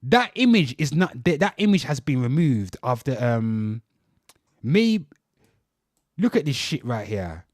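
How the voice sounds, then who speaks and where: A man's voice: mid-range voice, sing-song, a little slow, darkish tone, dry recording, clean studio sound. A man hosting a livestream, ranting angrily about news stories, swearing heavily and calling out to his viewers. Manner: profane, heated, keeps addressing viewers. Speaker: livestream host. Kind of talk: angry news rant.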